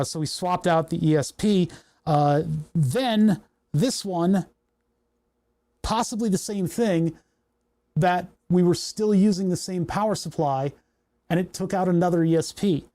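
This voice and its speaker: On a casual stream, a young host fixes electronics while thinking out loud and muttering. His voice is somewhat high for a man, yet soft and mellow. Repeated part failures leave him exasperated and swearing.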